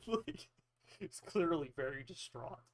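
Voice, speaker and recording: A man's voice: a little high, unhurried, fairly bright tone. Giggly man narrating a tabletop game. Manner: giggly, loose storytelling. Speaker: game master.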